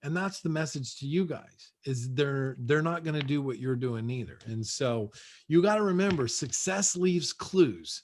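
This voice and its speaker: A man's voice: on the high side, expressive, normal speed, a little hiss or hum. A man speaking from his home over a video call, giving a punchy, repetitive motivational talk as a guest real estate coach. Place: his own house.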